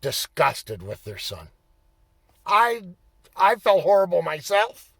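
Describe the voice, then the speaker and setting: A man telling a personal story in a casual, profane way, getting animated and raising his voice as he relives the anger. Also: high voice, slow, gravelly, husky, dry recording. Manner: animated, swearing, bursts into shouting when reliving anger. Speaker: storyteller recounting his playing days.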